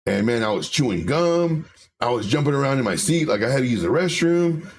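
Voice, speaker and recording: Brisk and very animated, a mid-range male voice carries over slight background noise. The speaker is a livestream host in casual conversation with viewers, reading their messages aloud, going over charts, and repeating himself often.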